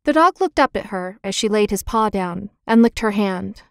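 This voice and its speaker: A woman reads a children's book aloud, clear and expressive, at an even middle pitch. The recording is dry and close, with no room sound. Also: moderate pace, hardly any pauses, no echo. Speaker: audiobook narrator. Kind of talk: scripted narration of a children's book.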